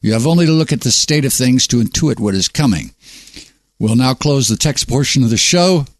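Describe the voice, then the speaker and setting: A man's voice: mid-range voice, expressive, brisk, no echo. Male host, sardonic and preachy monologue, dry close-miked sound. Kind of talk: reading a monologue.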